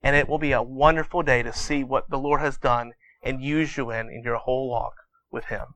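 A man's voice: medium pitch, steady tone, normal speed, fairly bright tone, no echo. A man in his thirties preaching to a congregation in a folksy, joking way, saying y'all and telling a bedtime story about a boy who keeps asking for water. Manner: says y'all. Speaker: pastor. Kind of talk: sermon.

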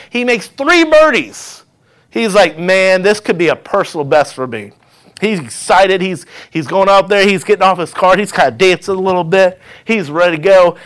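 High-voiced man preaching a sermon. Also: a bit bright. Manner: storytelling, call-and-response asides. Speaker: pastor.

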